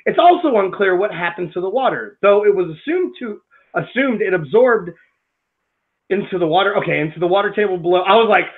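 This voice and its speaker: A man bantering over a voice call, his voice high and swinging all over the place. The line is tinny and narrow, like a phone. He laughs, swears and cracks jokes as he reads. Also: animated, a little fast. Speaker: co-host of a video review stream. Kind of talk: casual banter, reading aloud.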